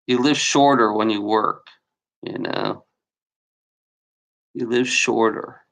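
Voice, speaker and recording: In a rambling, profane video rant, a YouTuber vents angrily, repeating himself and insisting he has been lied to. His medium-pitched voice is a bit bright, with fairly even intonation and a slow pace.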